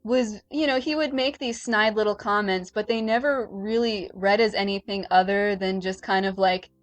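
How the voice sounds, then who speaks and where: A woman's voice: medium pitch, steady tone, normal speed. Woman casually retelling a film's plot. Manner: retells scenes, quoting characters. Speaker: podcast co-host. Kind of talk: casual chat reviewing an anime film.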